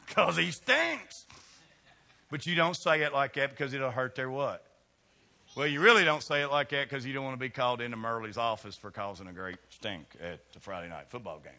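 A pastor with a Kentucky accent preaches a sermon in a church sanctuary, folksy and teasing as he calls on members of the congregation by name. His mid-range voice is bright, forceful and fairly quick, ringing out into a long-reverb hall.

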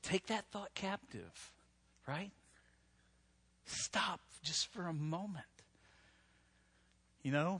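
A man's voice: fairly high pitch, bright, forceful tone, husky. A middle-aged man preaching a humorous sermon to a live church audience, joking and talking conversationally, often checking in with "right?". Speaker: pastor.

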